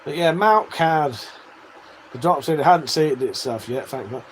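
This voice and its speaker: A man's voice: on the high side, a little slow, slight background noise, low-quality recording. A man hosting a casual livestream, reading out viewer messages and chatting back in a sweary, matey way with frequent laughs. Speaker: livestream host.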